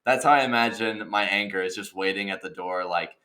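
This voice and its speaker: A man in his twenties co-hosting a podcast, telling stories in a casual, excitable way with laughter and exaggeration. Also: on the low side, fairly quick. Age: 20s. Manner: excitable, exaggerated retelling with laughter and mild cursing. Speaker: podcast co-host. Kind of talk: casual chat, animated storytelling.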